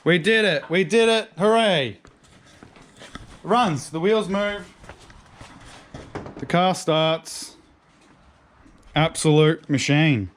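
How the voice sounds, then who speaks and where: A man, chatting casually as he works on a car in a garage, slangy and excitable. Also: fairly high pitch, very slow, pauses often. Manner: excitable, slangy, talks to his dog. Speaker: car restoration vlogger.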